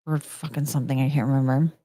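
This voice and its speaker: A woman's voice: very deep voice, fairly even intonation, quick pace, warm tone, slightly rough, no echo, studio quality. A woman hosting a podcast in casual chat, ranting, rambling and swearing freely. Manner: rambling, loses her train of thought. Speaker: podcast host.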